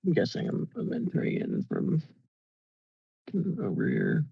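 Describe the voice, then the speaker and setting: Ein junger Mann, der entspannt und locker als Spieler an einem Tischrollenspiel teilnimmt. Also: male voice, mid-range voice, wildly swooping pitch, unhurried, creaky, husky, no room sound, lo-fi sound. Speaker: player. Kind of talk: tabletop game table talk.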